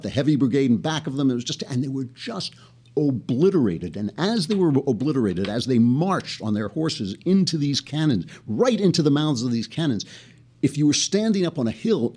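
A man hosting a podcast monologue, an animated storyteller with chatty asides who breaks into laughs mid-sentence. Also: mid-range voice. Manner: recites poetry with rhythmic, dramatic emphasis. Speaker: podcast host.

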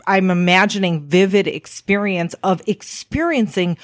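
Woman host, warm reactions, asks follow-ups, dry close voice. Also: mid-range voice, unhurried, no echo. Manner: expressive, sympathetic interviewer. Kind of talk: casual chat.

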